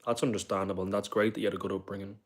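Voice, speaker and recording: A man's voice: lowish voice, flat delivery, very fast. A young man in his twenties chatting casually on a livestream, reading viewer comments aloud and answering them in a rambling way.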